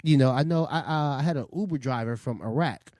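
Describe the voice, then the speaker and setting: A man's voice: mid-range voice, brisk, darkish tone, no room sound, clean studio sound. A man co-hosting a podcast in casual, rambling chat who laughs often. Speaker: podcast co-host.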